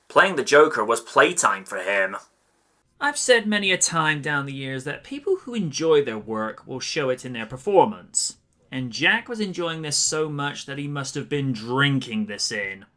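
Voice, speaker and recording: Man, film reviewer, scripted narration, bright voice, measured admiring tone. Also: mid-range voice.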